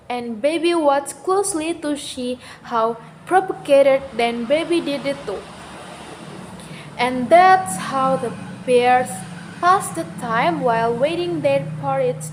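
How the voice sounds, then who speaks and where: A woman's voice: sits high, a little hiss or hum, low-quality recording. A young Indonesian woman reading a children's story aloud for class, carefully and with small slips. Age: young adult. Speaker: student.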